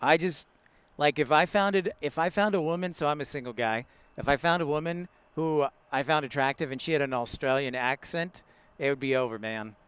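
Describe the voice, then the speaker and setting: A man's voice: fairly high pitch, a little fast, a bit bright, clear, resonant tone, dry recording. A man hosting a casual live stream from outdoors at a large airport, chatting with viewers, greeting them by name and laughing often. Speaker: live-stream host, plane spotter.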